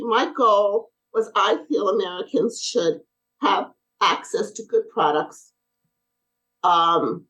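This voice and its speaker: Lively woman telling animated stories. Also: medium pitch, poor audio. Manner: animated, acts out quoted dialogue. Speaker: podcast guest, brace company owner. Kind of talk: casual interview storytelling.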